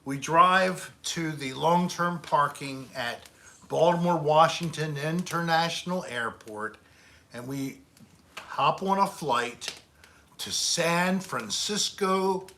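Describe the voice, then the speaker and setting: A man's voice: a little high, takes it slowly, sharp tone. A man hosting a casual livestream chat, joking and trying bad accents when asked. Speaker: host.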